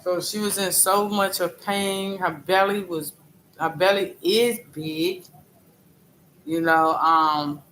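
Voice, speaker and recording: Slow-talking bright-voiced man. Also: high-pitched, fairly even intonation, a little hiss or hum, poor audio. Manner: halting, repeats phrases; greets viewers by name mid-story. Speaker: livestreamer. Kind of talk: casual live-stream talk.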